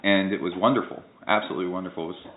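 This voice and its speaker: A man's voice: sits low, steady tone, very fast, slight background noise. A man who coaches triathlon and hosts the show, chatting casually and joking at home. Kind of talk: casual chat. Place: home in a suburban neighborhood. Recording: echoey, phone-like lo-fi audio.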